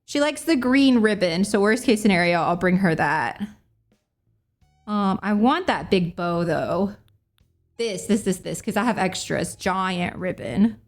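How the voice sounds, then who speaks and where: A woman's voice: medium pitch, lively intonation, measured pace, soft background music. A young woman streaming a cozy game, chatting casually, bubbly and giggly, often apologizing to her characters. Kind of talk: casual gameplay chat.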